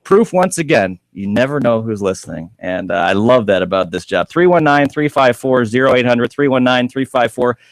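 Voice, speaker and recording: A man's voice: mid-range voice, animated, normal speed, hardly any pauses, dry recording. A man hosts a morning call-in radio show in an upbeat, chatty manner. His voice sits mid-range. It is recorded close and dry in a studio booth. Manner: upbeat, repeats the phone number, easy banter. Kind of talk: casual radio chat.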